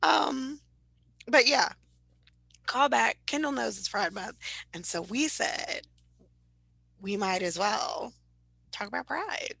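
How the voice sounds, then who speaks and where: A woman co-hosting a podcast in casual chat, animated and loud, laughing often. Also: on the high side, slow pace, vocal fry, long pauses, no room sound, low-quality recording. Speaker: podcast co-host.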